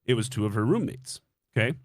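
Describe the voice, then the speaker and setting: A man's voice: on the low side, lively intonation, quick pace, no room sound, clean studio sound. A young man casually telling a dating story on a stream, swearing freely and acting out his own reactions.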